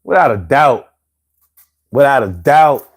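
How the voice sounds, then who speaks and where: A man's voice: mid-range voice, animated, slow, husky. A man hosting a casual live show, telling stories in loose slang and laughing often. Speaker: show host.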